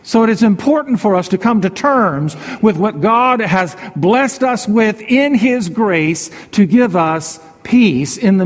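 A pastor delivers a sermon in a notably high voice, taking each phrase slowly and deliberately. He repeats key lines for emphasis. His voice carries a long reverb, as if he is speaking in a large hall. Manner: measured preaching with repetition and slow emphatic phrases.

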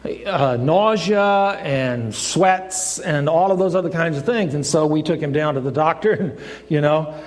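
A man's voice: a little high, a little slow. A man preaching a sermon in a folksy storytelling way. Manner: folksy storyteller, acts out voices in the joke. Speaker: pastor. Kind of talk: sermon with a told joke. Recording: long reverb of a church hall.

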